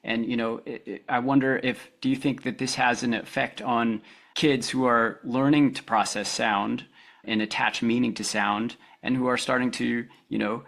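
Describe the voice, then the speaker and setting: A man's voice: mid-range voice, fairly even intonation, normal speed, vocal fry, fairly bright tone. A man hosting an interview podcast, asking thoughtful, searching questions as he wonders aloud. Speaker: podcast host.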